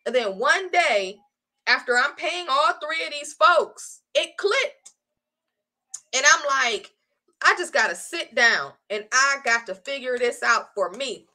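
A woman selling her online design course in casual live-stream chat, animated and chatty, often calling her viewers y'all. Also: sits high, slow pace.

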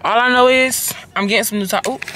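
A woman's voice: fairly high pitch, fast talker, slight background noise. Chatty young woman vlogging from her car. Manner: chatty, slangy and expressive, with swearing. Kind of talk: casual chat to camera. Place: inside a car, on the road.

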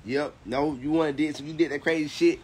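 A man's voice: fairly high pitch, fairly even intonation, brisk. A young man and father, chatting casually on a vlog while he films his toddler, laughing and teasing in a loose, profane way. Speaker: vlogger and father. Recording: noisy home video.

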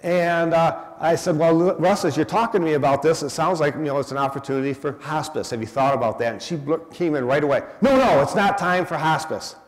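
A man tells stories to an audience and throws them questions. His voice sits a little high for a man, and a long reverb trails after his words in the hall. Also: steady tone, fast talker, hardly any pauses. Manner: conversational, quizzes the audience. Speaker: guest speaker, hospice educator. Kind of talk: storytelling talk to an audience.

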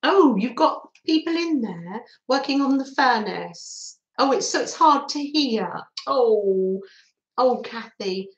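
A woman chats her way through a live craft stream, slow and unhurried, with a slightly high voice. She giggles often and talks between bites of cake. The room around her rings with echo. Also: animated. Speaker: livestream host reading viewer comments.

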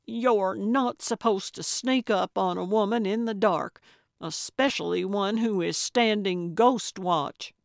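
A woman's voice: mid-range voice, slow pace, vocal fry, no room sound, clean studio sound. A woman voicing a stubborn, feisty older woman sleuth who talks emphatically and over-enunciates. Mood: indignant.

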